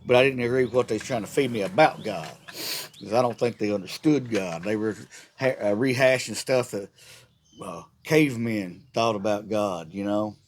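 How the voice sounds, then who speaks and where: A man's voice: on the low side, normal speed, slight background noise. A middle-aged man, ranting sarcastically and at length in a rambling, casual monologue full of restarts. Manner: rambling, sarcastic, irreverent, repeats words. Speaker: vlogger.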